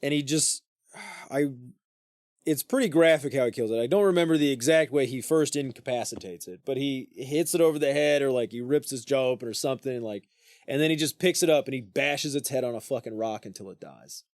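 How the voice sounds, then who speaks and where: A man's voice: medium pitch, a little fast, no echo, clean studio sound. Profane male podcaster retelling a myth. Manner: profane, rambling retelling with fillers. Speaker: podcast host. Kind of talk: casual storytelling.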